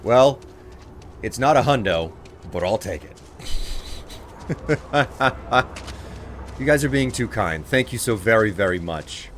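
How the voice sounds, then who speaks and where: A man's voice: fairly low pitch, expressive, normal speed, slight background noise. A man streaming a game live, chatting casually with viewers, thanking them for gifts and sounding exasperated at their requests.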